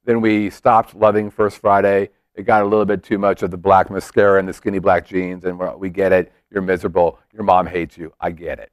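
A man's voice: sits low, level tone, fairly quick, few pauses, dry recording, clean studio sound. A man hosting a casual chat show, joking around and rambling with self-mocking asides. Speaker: host.

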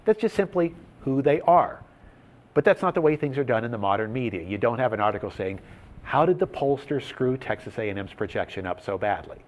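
A man with a medium-pitched voice, talking a little fast, hosts a sports betting talk show. He drives the segment with lively emphasis and walks through the odds and stats.

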